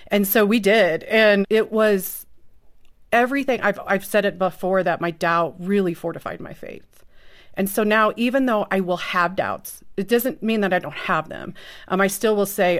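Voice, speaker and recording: A woman's voice: medium pitch, normal speed. A woman speaking as a guest, telling her own story openly and reflectively in a candid testimony. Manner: earnest, open, reflective. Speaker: guest, mother of a disabled son.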